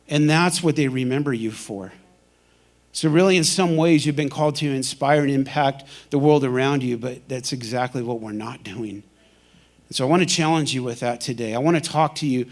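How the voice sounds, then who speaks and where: Middle-aged pastor, slightly high male voice, chatty sermon delivery. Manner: conversational, acts out everyday voices.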